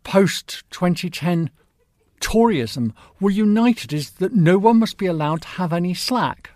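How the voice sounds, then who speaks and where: A man's voice: high-pitched, animated, measured pace, a little mellow, dry recording. A man in a casual discussion who speaks in a dry, wry, sarcastic way.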